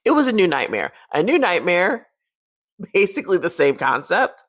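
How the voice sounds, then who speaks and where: Woman, chatty horror video host, lively pitch, dry close sound. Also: normal speed, husky, no room sound. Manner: animated and chatty, laughs often. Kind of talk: casual fun-facts monologue.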